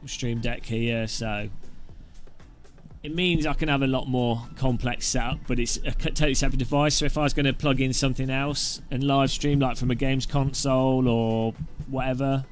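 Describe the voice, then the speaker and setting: A man's voice: medium pitch, fairly even intonation, normal speed, faint music behind. A man chatting casually on a live stream, answering viewers' questions in a rambling way with lots of fillers and asides. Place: home streaming setup with several webcams.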